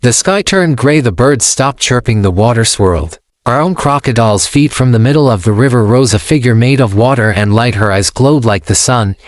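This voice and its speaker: A man's voice: mid-range voice, fairly quick, few pauses, no echo. Man narrating a folktale, dry close sound. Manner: simple, even storytelling. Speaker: storyteller.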